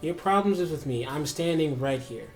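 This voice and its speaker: A man's voice: a little high, lively intonation, normal speed, darkish tone, soft background music. A man voicing an older rogue who stands up to his angry son, firm and defiant.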